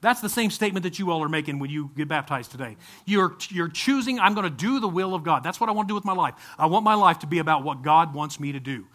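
A male pastor gives a loose, conversational sermon at a baptism service. His voice sits high for a man and sounds bright and forceful. He restarts his phrases often and breaks into sudden excited bursts. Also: quick pace.

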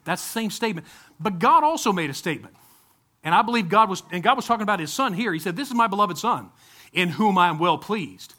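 A male pastor gives a loose, conversational sermon at a baptism service. His voice sits high for a man and sounds bright and forceful. He restarts his phrases often and breaks into sudden excited bursts. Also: fast talker.

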